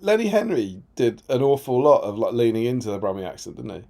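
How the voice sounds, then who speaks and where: A man's voice: mid-range voice, big pitch swings, fast talker, dark tone. A man co-hosting a casual live stream, reading viewer comments aloud with a chatty, laughing manner. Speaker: co-host reading chat comments.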